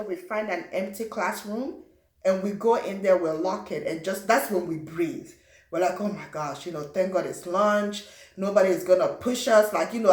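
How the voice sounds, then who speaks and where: Young woman, from Africa, personal storytelling, animated, roomy echo. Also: mid-range voice. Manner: animated, acts out quotes and sound effects. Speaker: vlogger.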